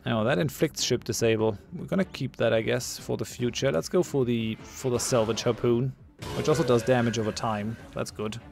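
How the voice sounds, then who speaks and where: A man's voice: medium pitch, moderate pace, vocal fry, few pauses, darkish tone, faint music behind. A man giving casual commentary while he plays a game, thinking aloud, muttering and laughing at his own jokes. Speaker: gamer playing a ship combat game.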